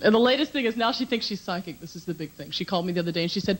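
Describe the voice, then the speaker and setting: Woman doing stand-up on a talk show, brisk and chatty, hissy clicky old tv tape. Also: fairly low pitch, expressive, poor audio. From Georgia, US. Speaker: stand-up comedian.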